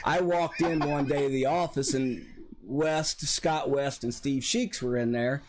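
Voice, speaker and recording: A man, a former high school football player, telling animated stories with a laugh as a guest on a porch talk show. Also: unhurried, noisy background. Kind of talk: casual storytelling.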